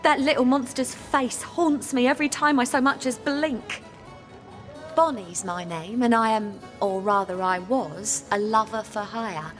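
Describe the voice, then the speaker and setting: A woman's voice: on the high side, unhurried, long reverb tail, faint music behind, lightly acted. A woman voicing a chatty, theatrical courtesan in a video game, gushing and gossipy.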